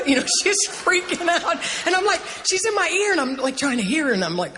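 A woman telling an animated personal testimony as a guest, laughing often and rushing through her story. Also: very high-pitched. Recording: reverberant hall, faint background noise.

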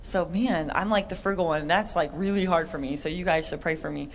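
A woman's voice: low voice, a little fast. Chatty woman co-hosting a faith talk. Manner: chatty, animated, acts out quotes. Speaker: co-host. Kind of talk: Christian podcast chat.

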